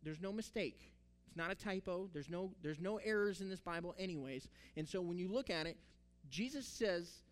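A male pastor delivers a sermon in a fairly high voice. He tells the story with animation, slipping into the characters' lines as he goes, and reads out scripture along the way. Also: expressive, normal speed, faint music behind.

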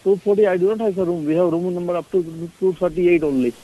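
A man working as a motel desk clerk, speaking politely and haltingly on the phone. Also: sits high, dull audio. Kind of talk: phone conversation.

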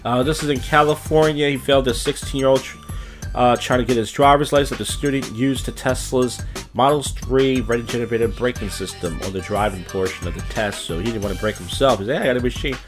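A man's voice: medium pitch, steady tone, brisk, soft background music. Sardonic rambling podcast host, man. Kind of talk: casual comedic news commentary.

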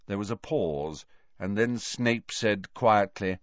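A man's voice: on the low side, slow, no echo, dull audio. A man reading an audiobook aloud as its narrator. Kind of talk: scripted narration.

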